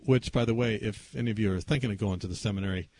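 A man preaching a sermon through a personal story, animated and swinging between loud and hushed delivery. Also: lowish voice, rapid-fire.

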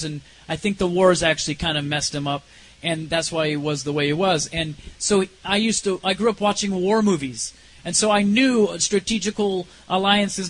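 A man with a high voice tells a personal testimony with deep feeling. He speaks earnestly and haltingly, and at the heaviest moments he drops to a low, quiet voice. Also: rough recording.

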